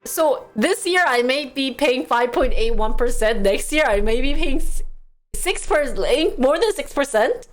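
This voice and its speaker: A woman's voice: high voice, lively intonation, measured pace. A young woman streaming live, reading news articles aloud and chatting casually with her viewers, often laughing and calling them guys.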